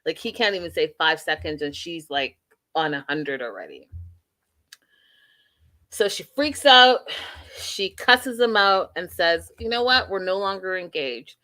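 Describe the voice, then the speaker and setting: A woman hosting a live recap show, telling the story with lively, opinionated asides and quoting people as she goes, talking straight to her viewers. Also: lowish voice, measured pace. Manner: addresses viewers directly as y'all and you guys. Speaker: host. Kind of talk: recap and review live stream.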